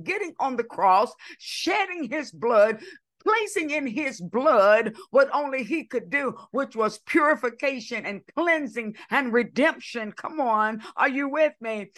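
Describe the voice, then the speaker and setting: Impassioned woman preaching a sermon. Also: a little high. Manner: impassioned, shouts and drops to hushed asides.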